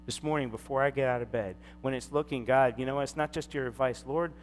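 A man's voice: mid-range voice, fast. A middle-aged man preaching a sermon, telling a personal story and acting out the voices in it. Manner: storytelling, animated, acts out quoted voices. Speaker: pastor. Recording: long hall reverb, faint hum.

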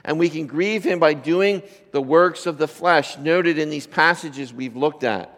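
A man's voice: on the high side, unhurried, a bit bright. A man in his fifties preaching a sermon in a church, conversational and joking, firing rhetorical questions at the congregation. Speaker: pastor. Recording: long reverb of a church hall.

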